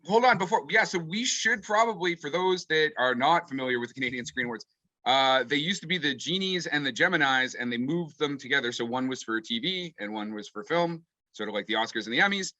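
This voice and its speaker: A man with a bright, forward voice, chatting casually and laughing at himself as he hosts. The recording is close and dry with no room sound. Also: fairly high pitch, a little fast, no echo, poor audio. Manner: chatty, self-deprecating, laughs often. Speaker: podcast host. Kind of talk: casual chat.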